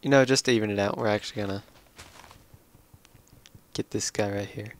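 A tired young man slowly rambling through casual commentary on his own game. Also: fairly low pitch, steady tone, slight background noise. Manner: slow, drowsy, rambling. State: tired, yawning. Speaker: let's play gamer.

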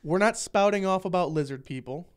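A man with a high-pitched voice co-hosts a loose podcast. He rambles, swears freely and laughs often as he talks. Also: brisk, smooth. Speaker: co-host. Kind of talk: casual podcast banter.

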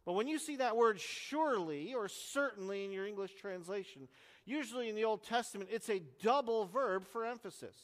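A pastor giving an expository sermon, explaining a text earnestly and leaning hard on key words. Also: male voice, high voice, expressive, moderate pace, big-room sound. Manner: earnest, explanatory teaching with strong emphasis.

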